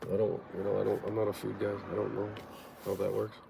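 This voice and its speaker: A man's voice: on the low side, completely flat delivery, a little fast, gravelly, noisy background. Guy rambling on his stream from a parked car, blunt, swears a lot, lots of um and you know. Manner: rambling, blunt, profane, many fillers. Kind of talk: casual live-stream chat.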